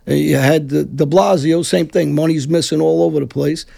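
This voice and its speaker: A middle-aged Brooklyn man, interviewed as a guest, gets blunt and combative in a heated conversation, rambling and restarting his sentences. His voice is a little high, steady and mellow, with vocal fry, at a normal speed.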